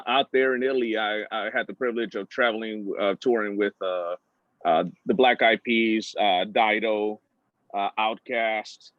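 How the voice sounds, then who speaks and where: A middle-aged man telling personal stories as a guest speaker, animated and full of "uh" fillers, acting out other people's lines with big pitch jumps. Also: no echo. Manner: frequent "uh" fillers and restarts. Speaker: guest speaker, entertainment director. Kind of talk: personal storytelling talk. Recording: dull, slightly muffled sound.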